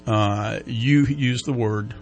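A man's voice: mid-range voice, slow pace, slight background noise. A man hosting a radio talk show, interviewing guests in a loose, easygoing way.

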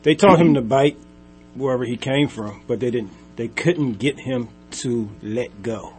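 A man talking as a dog-trainer guest on a radio show, speaking haltingly with lots of ums. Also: medium pitch, soft background music. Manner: halting, many ums, soft-spoken. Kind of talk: casual radio interview.

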